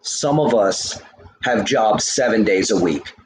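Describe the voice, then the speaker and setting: A man's voice: fairly low pitch, animated, slow, echoey room, slight background noise. A man livestreaming, ranting at his chat in a heated, profane, lecturing way while smoking a cigarette. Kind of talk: live stream rant to chat.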